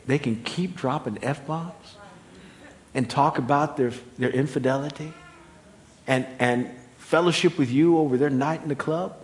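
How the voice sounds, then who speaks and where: A middle-aged man preaching a sermon, animated and humorous, swinging from loud high exclamations to quiet, low emphasis. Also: unhurried. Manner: humorous, laughing at own stories. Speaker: pastor.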